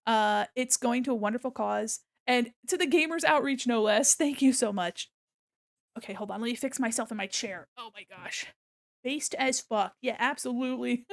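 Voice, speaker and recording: A young adult woman hosting a charity live stream, gushing and excitable, often laughing as she thanks donors. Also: on the high side, normal speed, gravelly. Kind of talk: casual live-stream chat.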